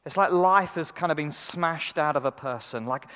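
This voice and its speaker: A man's voice: on the high side, normal speed, bright, forceful tone. Earnest man preaching. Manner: earnest, conversational, repeats words when starting a thought. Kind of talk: sermon.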